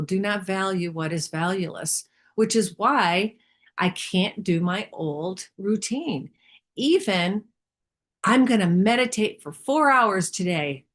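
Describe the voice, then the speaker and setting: A woman sharing candidly in a spiritual study group, rambling and self-reflective. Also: medium pitch.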